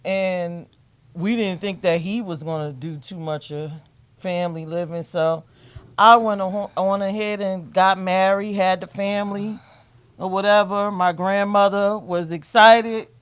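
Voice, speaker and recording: A woman's voice: medium pitch, fairly even intonation, unhurried, smooth. A woman, casually telling a family story in a talk show and laughing often. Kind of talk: casual chat.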